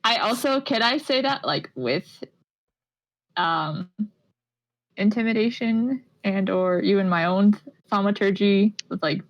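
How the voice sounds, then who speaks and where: A woman's voice: mid-range voice, measured pace, no room sound, dull audio. A woman playing a tabletop game, chatting casually and rambling with many fillers. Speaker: player.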